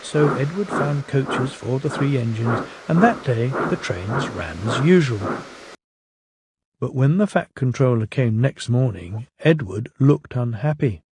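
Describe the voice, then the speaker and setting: A man reading a railway storybook aloud as narrator, slow and gentle, doing the character voices himself. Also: mid-range voice, animated. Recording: loud music underneath.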